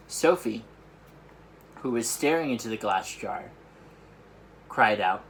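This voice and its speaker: A man at a summer camp reading a children's book aloud in a lively, expressive way. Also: on the low side, normal speed, low-quality recording. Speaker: camp storyteller.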